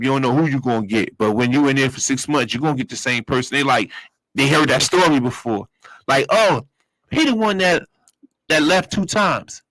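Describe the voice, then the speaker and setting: Man, storyteller, animated and profane, plays everyone in his tale, dry close mic. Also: mid-range voice, no echo, rough recording. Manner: animated, acts out other people's voices, profane slang. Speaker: storyteller host. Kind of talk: casual storytelling.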